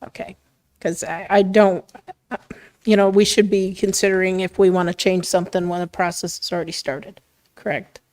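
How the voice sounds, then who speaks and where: A woman chairing a commission meeting, moving things along briskly with procedural questions. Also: medium pitch, level tone, darkish tone.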